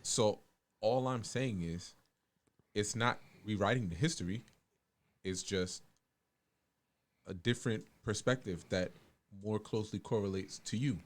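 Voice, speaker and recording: A man co-hosting a podcast, making his points calmly and steering the talk with leading questions. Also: on the low side. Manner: calm, measured, asks leading questions. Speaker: podcast co-host. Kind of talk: casual debate.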